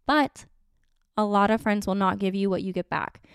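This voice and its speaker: A woman's voice: medium pitch, normal speed, gravelly, clean tone, no room sound, clean studio sound. A woman in her thirties chatting casually to camera, rambling and correcting herself as she goes. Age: 30s. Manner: rambling, chatty, self-correcting with frequent laughs. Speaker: vlogger.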